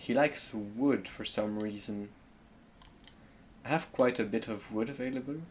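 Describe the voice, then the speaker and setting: A man's voice: on the low side, a little slow, a little hiss or hum. A man with a French accent giving gameplay commentary, thinking aloud and murmuring to himself while he decides. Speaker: streamer.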